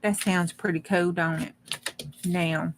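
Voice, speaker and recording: A woman's voice: on the low side, steady tone, slow pace, background noise. Lady rambling on to her chat while crafting, homey and folksy. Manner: rambling, folksy, talks to the chat as she works. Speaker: crafting livestream host.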